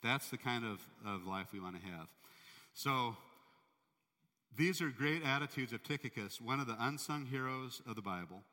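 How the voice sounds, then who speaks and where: A man preaching a sermon, telling a story in a conversational, animated way. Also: medium pitch, normal speed, big-room sound. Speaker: pastor.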